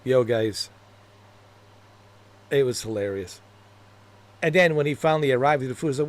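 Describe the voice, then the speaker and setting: A man's voice: medium pitch, lively intonation, moderate pace, long pauses. A man streaming games, telling rambling stories in casual chat, laughing at his own jokes and cursing freely. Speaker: gaming streamer.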